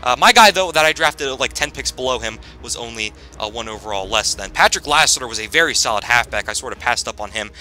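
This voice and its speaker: A man giving casual, rambling gameplay commentary as he plays, with sudden loud bursts of hype. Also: medium pitch, expressive, fast, hardly any pauses, slight background noise. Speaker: gaming commentator.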